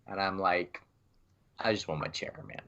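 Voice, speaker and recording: A man's voice: sits low, moderate pace, gravelly, fairly bright tone, lo-fi sound. A man co-hosting a podcast, chatting casually and acting out his phone calls as he tells a story. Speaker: podcast co-host. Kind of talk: casual chat.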